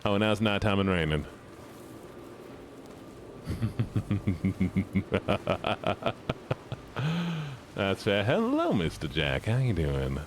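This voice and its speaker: A man with a Southern US accent, streaming and talking excitedly to his chat, laughing and swearing as he plays. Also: deep voice, extremely slow, long pauses, slight background noise. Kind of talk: casual gameplay commentary.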